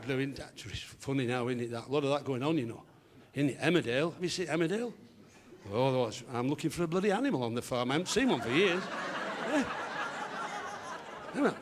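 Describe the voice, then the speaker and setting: A man's voice: mid-range voice, big pitch swings, fairly quick. An older man doing live stand-up on a theatre stage, rambling through jokes with many restarts and putting on voices for the characters. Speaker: stand-up comedian. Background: audience laughter.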